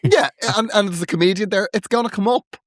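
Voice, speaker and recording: On a comedy podcast, a male co-host chats animatedly, joking and laughing often. He speaks quickly in a high-pitched voice, recorded in studio quality with no room sound.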